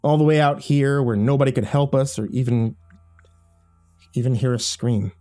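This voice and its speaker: A man narrates a first-person horror audiobook with wry, dry delivery. His voice is mid-pitched and dark, warm and relaxed, with faint music under the reading. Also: moderate pace.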